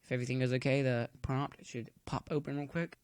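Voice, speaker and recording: A man talks through a coding tutorial from home at a middle pitch. He is easygoing and rambling and fills the waits with groan-worthy jokes. His voice is recorded close and dry. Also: little pitch movement, fairly quick, clean tone, no echo. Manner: chatty, cracks corny jokes while waiting. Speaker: tutorial maker.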